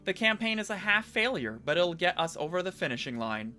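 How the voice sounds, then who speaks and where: A man's voice: high-pitched, very animated, a little fast, sharp tone, faint music behind, full character voice. A man reading game dialogue aloud as a scheming, imperious male city magistrate who lectures and presses.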